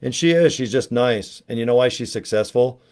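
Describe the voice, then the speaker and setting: Joking, rambling man with a middle pitch. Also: normal speed, darkish tone. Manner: joking, laughs often, does silly voices. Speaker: network marketing vlogger. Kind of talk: rambling comedic monologue.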